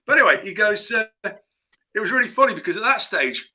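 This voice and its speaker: A man's voice: high voice, very animated, fairly quick, pushed and bright, slightly rough. A man chatting as a screenwriter guest in a casual interview, telling rambling anecdotes full of restarts.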